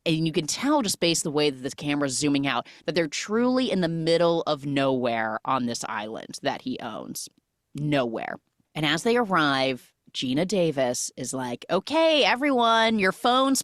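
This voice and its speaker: Host, woman, lowish voice, very expressive pitch, dry close sound, chatty storyteller. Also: no echo. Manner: animated storytelling with frequent "like" fillers. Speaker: podcast host. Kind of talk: casual film recap.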